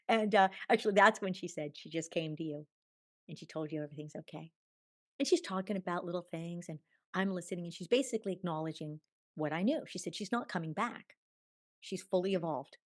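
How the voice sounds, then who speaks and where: A woman in her sixties, a podcast guest telling a personal story in an animated way, acting out quoted dialogue and laughing often. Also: medium pitch. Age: 60s. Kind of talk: storytelling in a conversational interview.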